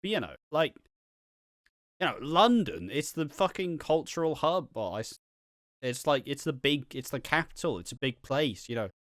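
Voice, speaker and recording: A man co-hosting a podcast, talking in an animated, opinionated way with some swearing. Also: a little high, moderate pace, no echo, clean studio sound. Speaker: podcast co-host. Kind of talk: casual chat.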